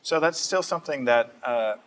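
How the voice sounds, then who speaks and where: A young man, answering interview questions in a steady, thoughtful way with frequent fillers, in a community TV studio. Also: mid-range voice, moderate pace, slight background noise, poor audio. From Massachusetts. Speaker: state representative guest.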